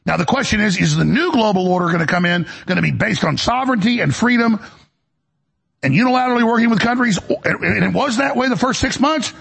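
Here a talk show host rants his way through a heated political monologue, full of stammered restarts. The gravelly, raspy voice sits high and is animated, with a quick pace and a slightly bright tone.

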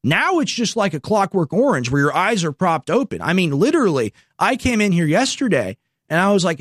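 A man's voice: high-pitched, big pitch swings, brisk, dry recording, clean studio sound. A man hosting a political commentary show, talking casually and sarcastically, with asides while reading posts aloud.

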